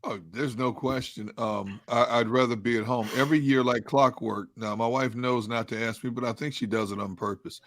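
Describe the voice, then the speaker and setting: A man with a Philadelphia accent, co-hosting a casual sports talk show and speaking in a measured way with frequent ums. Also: mid-range voice, steady tone, fairly bright tone, no echo, studio quality.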